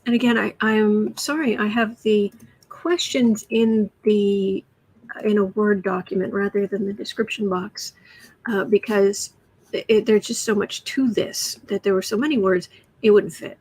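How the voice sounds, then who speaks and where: A woman hosting a casual tarot livestream from home, chatty, often dropping to soft whispers. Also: medium pitch, fairly even intonation, measured pace, slightly rough. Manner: chatty, soothing her cat in soft whispers between remarks. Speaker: astrology and tarot livestream host. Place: home room.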